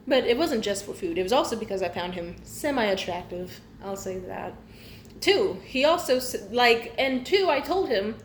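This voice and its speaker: A woman's voice: mid-range voice, animated, normal speed, roomy sound, a little hiss or hum. A young woman vlogger ranting casually to camera, blunt and profane, jumping from point to point.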